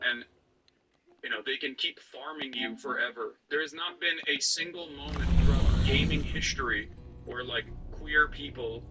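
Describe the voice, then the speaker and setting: Ranting man over loud music. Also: medium pitch, normal speed, rough recording. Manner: argumentative, lecturing. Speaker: streamer. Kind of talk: casual ranting commentary.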